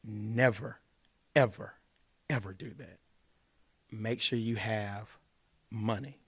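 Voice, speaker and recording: A man's voice: fairly low pitch, slow pace, a bit bright, husky, no echo. A man hosting a podcast, giving dating advice in an emphatic, preachy way and repeating his points for force. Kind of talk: casual podcast talk.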